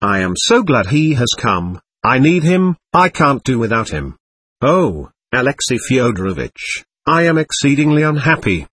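A man reading aloud, voicing an anxious, effusive middle-aged aristocratic lady who talks rapidly and nervously. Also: medium pitch, sing-song, fairly bright tone, breathy edge. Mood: gushing.

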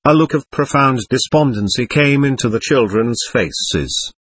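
A man narrates a classic novel in a measured, expressive way. His voice is husky and moves freely up and down in pitch. The recording is dry and close, with no room echo. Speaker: audiobook narrator. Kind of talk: scripted narration.

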